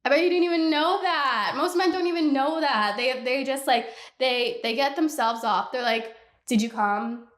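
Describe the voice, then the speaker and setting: A woman in her twenties hosting a podcast, ranting in casual, blunt chat that is animated and full of swearing. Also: high voice, normal speed, hardly any pauses. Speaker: podcast host. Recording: echoey room.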